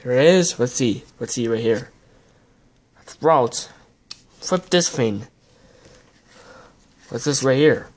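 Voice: mid-range voice, expressive, takes it slowly, long pauses. A young adult host muttering casual commentary while opening trading card packs, often swearing in frustration.

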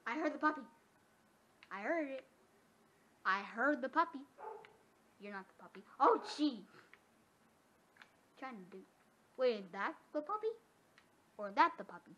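Brief: woman gamer, high and bright, slow easy delivery, squeals at cute animals, lo-fi home recording. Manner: excitable, gasping and squealing at animals. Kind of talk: casual gameplay commentary. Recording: dull lo-fi sound with faint noise.

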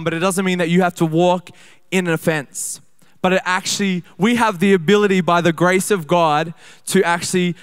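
A young man preaching at a church service in a fairly high, smooth and clear voice. He talks to the congregation in a relaxed, chatty way, speeding through asides and slowing down when he reads scripture aloud. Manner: conversational, quick bursts, slows to read scripture. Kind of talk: sermon.

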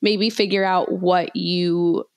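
A woman's voice: lowish voice, steady tone, slow pace, no room sound. A young woman co-hosting a podcast, agreeable and talking ideas through with plenty of fillers. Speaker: podcast co-host. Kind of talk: casual chat.

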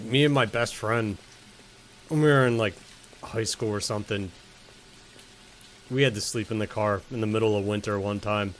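A man's voice: on the low side, a little hiss or hum. A young man commentating on a video game, joking, swearing and talking to the characters on screen. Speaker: gaming streamer.

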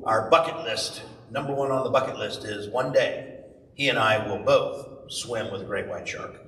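Middle-aged male panel guest, lowish voice, lively anecdotes, echoey hall picked up from afar. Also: normal speed. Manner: animated storyteller, jumps high for quoted voices. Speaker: convention panel guest, voice actor. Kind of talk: live convention Q&A storytelling. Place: large convention hall. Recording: echoey hall, far from mic, faint hiss.

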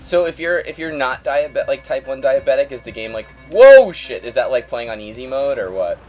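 A man's voice: medium pitch, fairly even intonation, brisk, faint music behind. A man hosting a let's play, chatting and laughing as he plays through the game. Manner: chatty, distracted, laughs often. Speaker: let's play host and player. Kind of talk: casual gameplay commentary.

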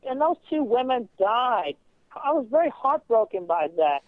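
High-voiced stammering man on a muffled call. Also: very animated, normal speed, crowd noise. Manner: stiff, formal, stammering. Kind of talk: phone call.

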